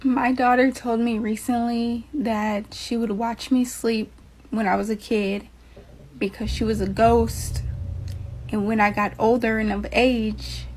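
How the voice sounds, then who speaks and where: A woman, a mother, telling a short story slowly and quietly. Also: on the high side, level tone, slight background noise, rough recording. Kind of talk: casual storytelling.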